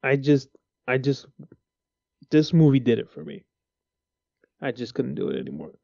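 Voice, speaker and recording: Blunt guy griping about bad movies, mellow voice, bit muffled and dry. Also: mid-range voice, very animated, normal speed, vocal fry, no room sound. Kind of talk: casual chat about movies.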